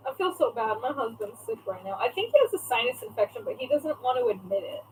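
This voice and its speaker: A woman's voice: a little high, sing-song, fast, slight background noise, low-quality recording. A young woman chatting casually on a live stream as a craft shop owner, reading out viewer comments and swearing now and then.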